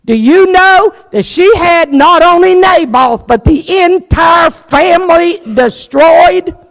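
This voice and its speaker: High-voiced woman preaching fervently. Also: expressive, slow. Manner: fervent storytelling preacher who acts out the story's characters. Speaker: pastor. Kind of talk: sermon. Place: church. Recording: reverberant church sanctuary.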